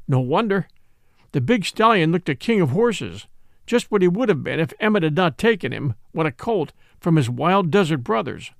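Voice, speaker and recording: Male host-narrator for a classic western audiobook: gravelly, dry close sound, expressive delivery. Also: on the high side, moderate pace, no room sound. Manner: lively, expressive storytelling. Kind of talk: reading a classic western novel aloud.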